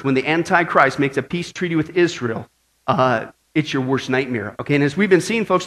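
This is a man with a high voice, preaching as a pastor. He talks in a lively storytelling way and keeps checking in with "right?" and "okay?" as he goes. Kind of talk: sermon with a joke opening.

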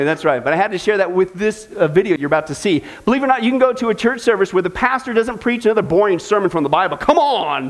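Lively high-voiced man mocking and joking. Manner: mocking, jokey, exclaiming. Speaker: Bible teacher. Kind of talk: recorded Bible study talk.

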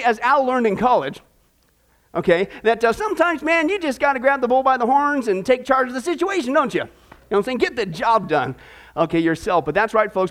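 A man's voice: extremely high pitch, a bit bright. A man preaching a sermon, telling a humorous story in a folksy, joking way and tossing rhetorical questions to the congregation. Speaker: pastor.

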